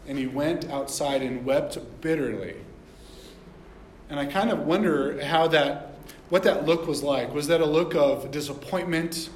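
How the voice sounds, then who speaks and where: A man's voice: on the high side, a little slow, reverberant, a little hiss or hum, poor audio. A man preaching a sermon, reading scripture aloud and explaining it in a conversational way, often asking the listeners questions. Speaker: pastor.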